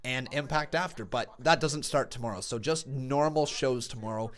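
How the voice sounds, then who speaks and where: At normal speed and medium pitch, a man runs a casual live reaction stream where he chats with viewers and shouts excited play-by-play, his speech slightly altered by a sore tongue.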